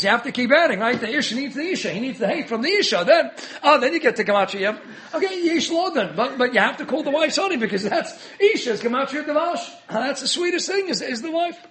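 A rabbi giving a Torah lecture in a very high, light voice. He talks fast and in an animated way, chuckling as he goes and mixing in Hebrew and Yiddish terms. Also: a little hiss or hum. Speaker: rabbi teaching a Torah class.

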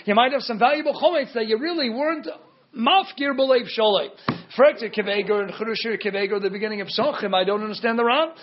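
A man with a very high voice delivers a Talmud lecture on a dull, lo-fi recording. He keeps posing rhetorical questions and answering them himself, dropping Hebrew and Aramaic terms into his English. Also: quick pace, noisy background. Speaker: Torah teacher.

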